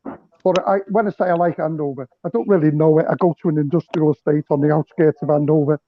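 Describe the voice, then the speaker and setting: High-voiced joking man from Liverpool. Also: steady tone, fast, narrow, tinny audio. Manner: joking storyteller. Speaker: caller. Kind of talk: casual chat.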